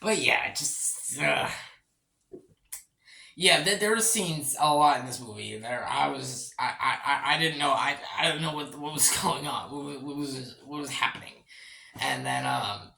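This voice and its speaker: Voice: medium pitch, measured pace, vocal fry, pushed and bright, echoey room. A casual movie reviewer who rambles, restarts phrases, swears and laughs often.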